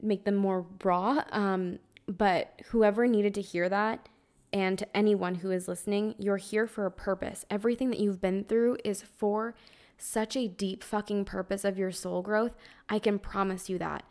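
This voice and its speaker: A woman's voice: mid-range voice, steady tone, moderate pace, a little mellow. A young woman hosting a spiritual podcast in a casual monologue. She speaks earnestly and conversationally, with lots of "like" and the odd swear word, and she is emotional, close to tears. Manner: earnest, conversational, heavy use of "like", occasional swearing. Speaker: podcast host.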